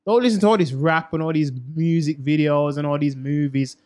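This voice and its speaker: A young man talks slang in a casual chat show and keeps repeating his points for weight. His voice sits a little high for a man. He sounds animated and runs on in a loose, conversational way. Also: a little fast. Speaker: podcast co-host.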